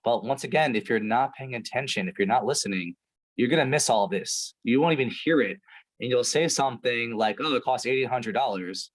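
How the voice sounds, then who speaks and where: A man's voice: mid-range voice, fairly quick, low-quality recording. A man coaching a sales team over a video call, talking emphatically with lots of "right?" and "like". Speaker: sales trainer.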